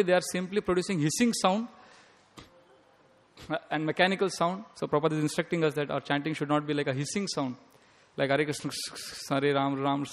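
A man giving a devotional lecture, telling stories, quoting and sometimes singing scripture verses. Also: sits high. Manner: storytelling, quotes scripture and sings verses. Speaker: speaker giving a devotional talk. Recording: long reverb of a hall.

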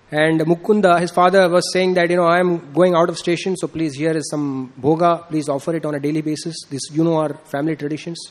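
A man giving an informal devotional sermon, telling a story with acted-out dialogue and many fillers. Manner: acts out quoted dialogue with rising pitch, frequent fillers. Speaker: speaker giving a devotional talk.

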